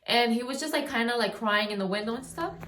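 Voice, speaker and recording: A young female vlogger tells a long personal story to the camera, her voice on the high side and fast. She rambles, leans heavily on "like," and keeps restarting sentences in this casual storytime. Background noise and a roomy echo fill the recording.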